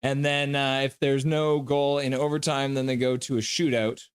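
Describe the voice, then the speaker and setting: A man streaming live reactions to a hockey game, calling plays in quick clipped bits between offhand chat remarks. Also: medium pitch, little pitch movement, clean tone, dry recording. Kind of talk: casual live play-by-play commentary.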